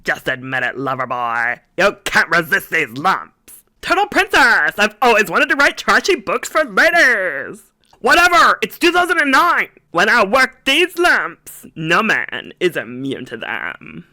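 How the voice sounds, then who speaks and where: Bratty cartoon teen princess: piercing and bright, slow, wildly swooping pitch. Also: female voice, very animated. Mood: sassy. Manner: sassy, dramatic, sudden shouts. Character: whiny melodramatic teen princess made of lumps. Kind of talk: cartoon voice impression.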